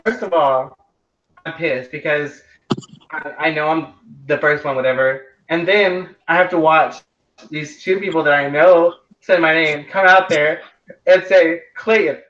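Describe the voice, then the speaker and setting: A man's voice: fairly high pitch, a little slow. Distant echoey young man rambling. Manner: rambling, animated, heavy filler words. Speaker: eliminated contestant. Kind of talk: casual aftershow chat. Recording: echoey, distant, dull lo-fi sound.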